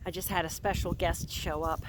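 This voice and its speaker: A woman's voice: fairly low pitch, fairly even intonation, brisk, background noise. A woman chatting casually for her vlog outdoors on a farm pasture, cooing at her animals as she goes. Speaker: horse owner and vlogger.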